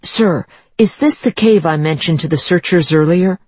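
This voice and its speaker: A narrator plays a polite, measured woman police officer from an audiobook, reporting to her boss. The sound is dry and close. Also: mid-range voice, a little mellow, breathy edge, dry recording, natural voice.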